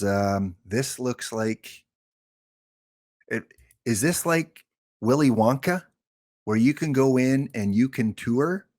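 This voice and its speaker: Slow, joking man streaming a game. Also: mid-range voice. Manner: chatty, joking, talks to viewers. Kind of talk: casual live-stream chat.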